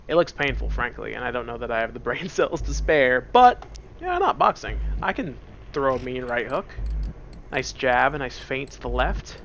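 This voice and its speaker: A man playing a computer game in a dark room at home, with headphones on, talking through it in a playful, joking way. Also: medium pitch, creaky, muffled recording, slight background noise. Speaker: let's play host. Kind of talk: casual gameplay commentary. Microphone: wearing headphones at the computer.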